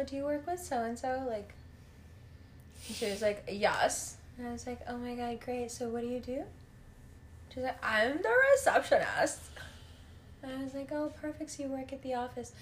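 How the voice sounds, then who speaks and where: A woman's voice: on the high side, slight background noise. A woman chatting casually, telling stories with lots of laughter and cursing. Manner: animated storyteller, laughs a lot, swears freely. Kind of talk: casual chat.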